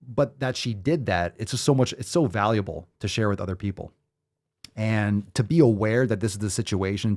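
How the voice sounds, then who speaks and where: Fairly low and slightly mellow, his voice carries his role as a show host giving livestream commentary. The talk is loose and meandering, laced with profanity and a sarcastic, exasperated tone.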